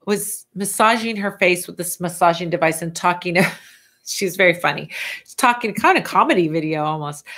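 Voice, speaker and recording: A middle-aged woman hosting a casual live Q&A, chatty and animated as she answers viewer questions. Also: lowish voice. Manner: chatty and animated, stretching words for emphasis.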